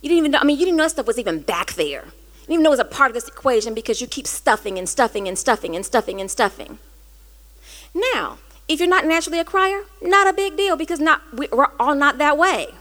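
Woman host, high-pitched, candid storyteller, warm confessional chat. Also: quick pace. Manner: earnest, conversational, rising to animated quoted dialogue.

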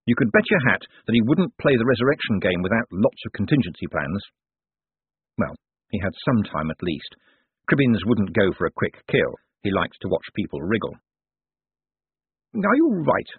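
A man narrating a novel in a measured, dry way. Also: lowish voice, animated, breathy edge, no echo. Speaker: audiobook narrator. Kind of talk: scripted narration. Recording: tinny lo-fi audiobook recording.

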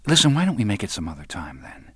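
A man's voice: lowish voice, big pitch swings, fast talker, slightly rough, no echo, studio quality. Tired, guarded woman voiced by a male narrator. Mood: subdued. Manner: subdued, evasive, quiet.

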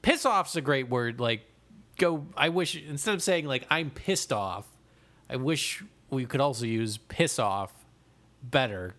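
A man's voice: medium pitch, a little slow. A man with a nasal Midwestern accent co-hosting a podcast in casual, swearing banter. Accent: American Midwestern. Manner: animated, swearing, laughing. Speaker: podcast co-host.

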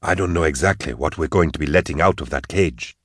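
A hard-edged ringleader barks short orders in a deep, low voice, as a man reads him. The sound is close and dry, like an audiobook. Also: brisk, husky, no room sound, exaggerated voice. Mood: grim. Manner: curt, forceful orders. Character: hard, commanding male schemer.

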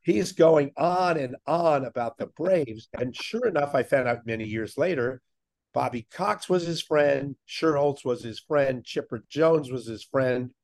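A man's voice: mid-range voice, a little slow. An older man, a veteran sports broadcaster, telling anecdotes in a casual interview and acting out the people he quotes. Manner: animated anecdote teller, acts out quoted voices. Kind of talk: casual storytelling in a podcast interview.

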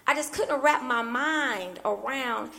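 A woman minister tells a personal story from the pulpit, her fairly high voice carrying a gravelly fry. She preaches in an animated storytelling way and keeps cutting in with "I mean" asides. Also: slow pace. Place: church.

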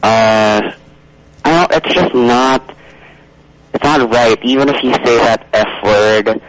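A man's voice: medium pitch, slow pace, dry recording, rough recording. Hesitant male radio caller. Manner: hesitant, with fillers. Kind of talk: call-in radio talk.

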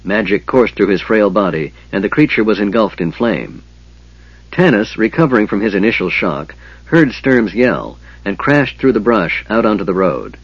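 A man narrating a fantasy audiobook in a steady, measured storytelling manner. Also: on the low side, breathy edge, dry recording, lo-fi sound.

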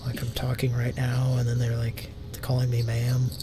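A man's voice: monotone, normal speed. A man with a Southern US accent hosting a live prank call show, rambling casually and swearing freely. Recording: noisy background rumble.

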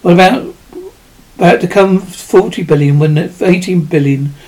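A man with a high voice reading the lines of a tall, booming, self-important doctor in a story. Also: moderate pace, darkish tone, slight background noise, lightly acted, rough recording. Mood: stern. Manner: hearty, jovial. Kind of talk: audiobook dialogue.

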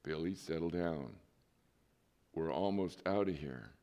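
A man voicing a patient young father who speaks calmly in a quiet, low voice. He is quoting the father within a sermon. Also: takes it slowly. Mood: calm, soothing.

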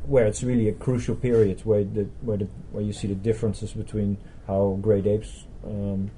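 Hesitant, low-voiced man with a mellow tone. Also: level tone, moderate pace, slight background noise, low-quality recording. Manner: hesitant, many fillers and restarts. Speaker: scientist guest. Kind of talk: casual conversation over a meal. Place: busy restaurant.

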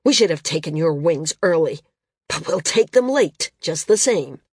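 A woman's voice: low-pitched, expressive, normal speed, husky, no echo, clean studio sound. A woman voicing a small, arrogant male flyer who snaps and sneers, in an audiobook. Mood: sneering. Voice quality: snapping, sneering delivery.

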